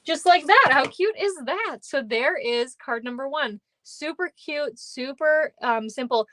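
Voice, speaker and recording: A woman's voice: high voice, expressive, unhurried, background noise. A woman with a Minnesotan accent hosting a live card-making class, chatty and upbeat, often laughing and greeting viewers by name. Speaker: stamping class host.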